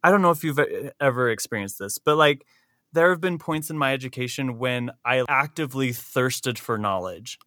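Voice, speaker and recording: Bright-voiced man hosting a podcast. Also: medium pitch, normal speed, no room sound, studio quality. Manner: animated, laughs often, chatty storytelling. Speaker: podcast host. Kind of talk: casual podcast chat.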